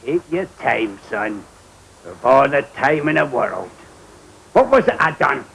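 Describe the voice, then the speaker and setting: An actor playing a gruff older Scottish man in a TV comedy sketch, lecturing and calling the listener son. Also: medium pitch, big pitch swings, measured pace, fairly bright tone, slight background noise, full character voice.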